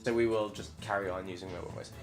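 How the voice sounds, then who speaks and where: A man's voice: fairly low pitch, fairly even intonation, fast talker, faint music behind. A man playing through a story game, commenting casually and deciding which voices to use. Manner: thinking aloud, chatty asides. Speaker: let's play gamer.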